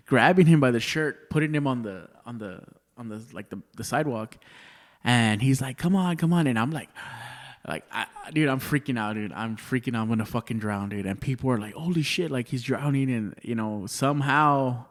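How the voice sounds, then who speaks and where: A man's voice: mid-range voice, normal speed. A man in his thirties, a comedian guest, rambling through stories in casual chat, cursing freely and calling everyone "dude.". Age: 30s. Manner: rambling storyteller, swears a lot, says "dude" often.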